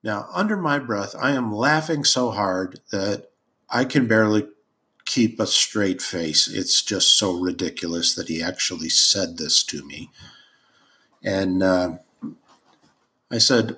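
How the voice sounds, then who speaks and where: A man's voice: fairly low pitch, expressive, takes it slowly, sharp tone. A man hosting a podcast, telling a childhood story in a rambling, amused way with many ums and uhs. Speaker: podcast host. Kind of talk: casual storytelling monologue.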